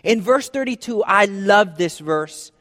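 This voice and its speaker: A man's voice: high-pitched, animated, unhurried, pushed and bright. A man preaching a sermon as pastor, earnest and repeating phrases for emphasis. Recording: long hall reverb.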